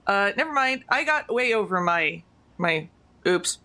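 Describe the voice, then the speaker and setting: A woman's voice: mid-range voice, lively intonation, a little slow, pushed and bright. A woman playing a tabletop game, chatting casually with a giggly, self-mocking manner. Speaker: player.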